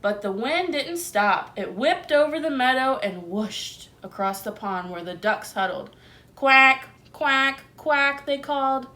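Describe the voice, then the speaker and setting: A woman teacher reading a picture book aloud to young children, gentle and expressive, asking them questions. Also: mid-range voice, unhurried, few pauses.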